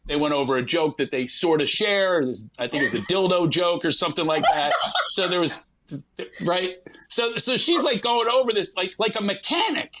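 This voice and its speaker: A man, a guest comedian, telling an animated, profane comic story and acting out the people in it. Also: sits high, moderate pace, a little hiss or hum. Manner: acts out others in quoted voices, profane.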